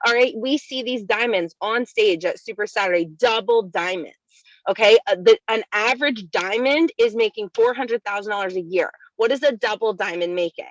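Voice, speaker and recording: A woman leading a network-marketing team, giving an energetic, upbeat recap and repeatedly addressing her listeners as "you guys.". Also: medium pitch, moderate pace, no room sound, highs cut off.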